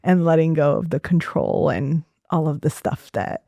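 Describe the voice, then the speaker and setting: Woman doctor telling stories, lively. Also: low voice, moderate pace, no echo. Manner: lively, laughs often, many fillers like "like". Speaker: fertility doctor as podcast guest. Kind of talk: casual storytelling in an interview.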